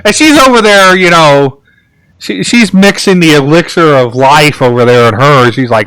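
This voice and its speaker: A man telling rambling casual stories in a relaxed chat, full of restarts and fillers. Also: on the high side, normal speed, smooth, no echo. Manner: rambling storyteller, many restarts and "like"s. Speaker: podcast host.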